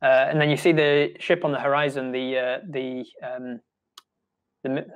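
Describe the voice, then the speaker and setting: A man with a New Zealand accent narrating as game master, talking in a halting way with many restarts. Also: mid-range voice, flat delivery, clean tone. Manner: halting, full of ums and restarts.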